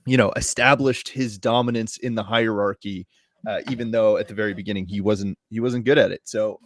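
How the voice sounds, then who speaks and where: A man's voice: fairly low pitch, fairly even intonation, fairly quick, dry recording. A man guesting on a podcast in casual chat, rambling with many fillers and laughing easily.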